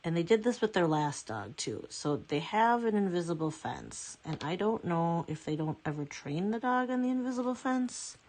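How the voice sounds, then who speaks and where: A woman's voice: on the low side, sing-song, moderate pace, hardly any pauses, darkish tone. A woman chatting casually as a nail art vlogger at home, rambling and correcting herself as she goes. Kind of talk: casual chat.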